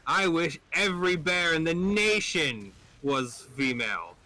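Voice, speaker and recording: A man doing a loud greedy bear. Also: a little high, animated, a little slow, no echo, pitched above the performer's own voice. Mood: greedy, boastful. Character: boastful greedy male bear in a joke.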